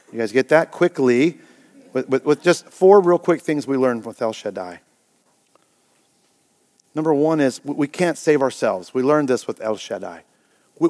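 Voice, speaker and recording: A male pastor preaching a sermon with energy and folksy asides, his voice climbing toward near shouts. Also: fairly high pitch. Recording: long church hall reverb.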